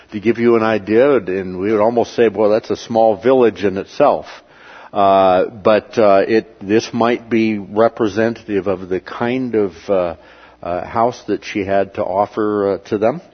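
A man with a fairly low voice teaches a Bible lesson from pictures and a map. He talks haltingly, with many filler sounds between phrases. The recording is slightly dull and muffled. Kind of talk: slide-illustrated Bible lesson.

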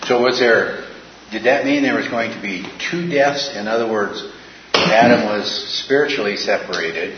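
A man with a fairly low voice asking careful, curious questions during a Bible study. The recording is roomy and dull, with a faint hiss in the background. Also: normal speed. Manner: inquisitive, thoughtful questions. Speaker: class participant. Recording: echoey room, dull lo-fi sound.

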